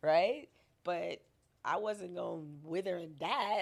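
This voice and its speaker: Low gravelly woman, candid guest. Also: takes it slowly, crowd noise. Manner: candid, emphatic, laughs often. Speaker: podcast guest. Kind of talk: casual interview conversation.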